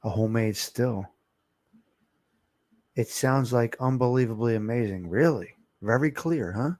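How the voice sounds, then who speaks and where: A man's voice: medium pitch, a little slow, darkish tone, dry recording. A man hosting a casual livestream chat, chatty and asking viewers how his microphone sounds. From Italian-American, from New Jersey. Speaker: livestream host. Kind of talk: casual chat reading live comments. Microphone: close desk microphone.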